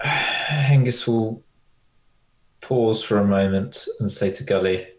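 Deep voiced guy at a tabletop game, saying what his character does. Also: slow, reverberant, poor audio. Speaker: player. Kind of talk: describing his character's actions.

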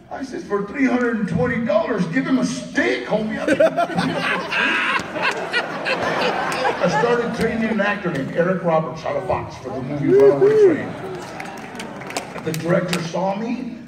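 A man interviewed at a movie premiere, telling stories casually, often laughing and acting out the voices of people he quotes. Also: high voice. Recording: roomy, distant mic with crowd noise.

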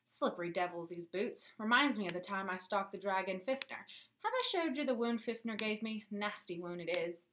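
A woman's voice: mid-range voice, animated, normal speed, a bit bright, a little hiss or hum, close to an everyday voice. A woman voicing a bumbling, forgetful old male knight who teaches and rambles self-importantly. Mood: rambling.

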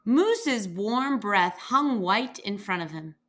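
A woman reading a children's picture book aloud, slowly and expressively, giving the animals their own voices. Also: medium pitch. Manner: lively character voices, slow and expressive. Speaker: reader.

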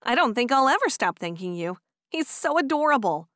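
A woman narrator voicing an eager, chatty young Amish woman who talks high and breathless. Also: very animated, a little fast, fairly bright tone, no echo, clean studio sound. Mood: delighted. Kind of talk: audiobook character voice.

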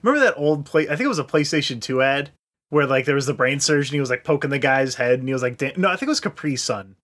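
Fast-talking man with jokey asides. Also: medium pitch, lively intonation, a bit bright. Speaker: podcast co-host. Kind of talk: casual chat.

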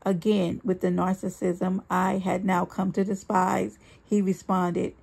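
A woman reading a first-person story aloud, earnest and emphatic, slowing down on key lines. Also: lowish voice, little pitch movement, vocal fry, a little mellow, husky. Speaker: reader.

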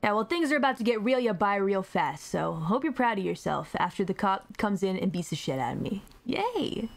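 Playful young woman streamer, lively voice. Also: medium pitch, fairly quick, gravelly. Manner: playful, teasing, laughs often, swears. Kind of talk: casual gameplay commentary.

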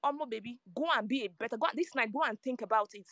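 A woman's voice: fairly high pitch, fast, fairly bright tone, no room sound. A woman lecturing listeners in a preachy, scolding tone. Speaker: speaker in an online audio room.

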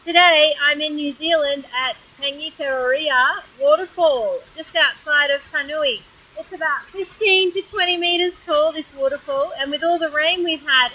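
An Australian woman reading a picture book aloud to children outdoors by a waterfall, in an animated, expressive way. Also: sits high, poor audio. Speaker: storyteller.

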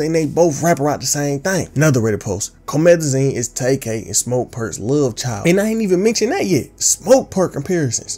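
Young guy telling a story for his channel, kinda husky, talks slangy and loose. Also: on the high side, darkish tone. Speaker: YouTube commentary host. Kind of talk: scripted commentary narration.

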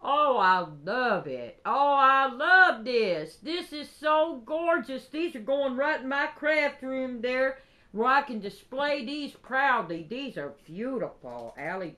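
Gushing woman, slow and excitable. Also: on the high side. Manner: gushing, excitable, drawn-out exclamations. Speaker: crafting vlogger. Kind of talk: casual unboxing chat.

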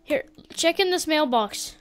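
A woman's voice: sits high, lively intonation, unhurried, fairly bright tone. A woman chatting casually while gaming, guiding a friend and breaking off with constant "wait"s and restarts. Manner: scattered, restarts with many "wait"s. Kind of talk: casual gameplay chat. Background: faint game music.

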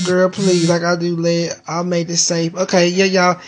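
A woman's voice: fairly low pitch, level tone, moderate pace, few pauses, soft background music. A woman chatting casually on a live stream from home into a phone, rambling and swearing in a playful way. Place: indoors at home.

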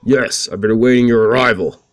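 A man voicing a scheming, burly male axe-wielding soldier, reading the game dialogue aloud in a slow, flat way. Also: mid-range voice, dry recording, studio quality, close to an everyday voice. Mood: smug.

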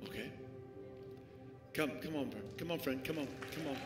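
A man with a fairly high voice gives an altar call, urging and repeating himself. His voice rings through a large, echoing church hall with music playing behind him. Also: normal speed, pauses often, over a noisy crowd. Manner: pleading, repetitive urging, rising to shouts. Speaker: pastor. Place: church sanctuary with live music. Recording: echoey hall, live stream.

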